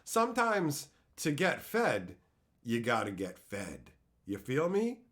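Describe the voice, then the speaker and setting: A man's voice: mid-range voice, huge pitch swings, takes it slowly, fairly bright tone. A young man streaming and answering chat in a crude, profane, mocking way, ranting and laughing at his own jokes.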